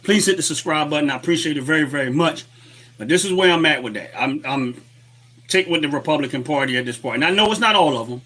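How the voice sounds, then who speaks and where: A man with a fairly high, bright, expressive voice talks fast while hosting a political livestream from a webcam setup at his desk. He's fired up, ranting heatedly and repetitively, greeting viewers and reading chat aloud.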